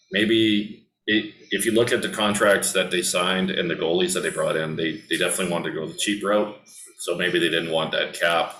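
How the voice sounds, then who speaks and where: A man's voice: low voice, a bit bright, reverberant, rough recording. A man hosting a casual hockey podcast, talking loosely with many ums and restarts. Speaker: podcast host. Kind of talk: casual sports chat.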